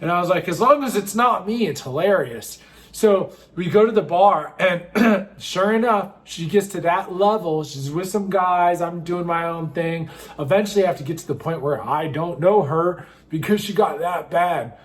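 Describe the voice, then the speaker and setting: A man in his thirties with a notably high voice spins a rambling, self-mocking tale from his own past. He keeps it wry and loose, full of asides and fillers. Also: normal speed, few pauses. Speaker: storyteller. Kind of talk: comic personal storytime.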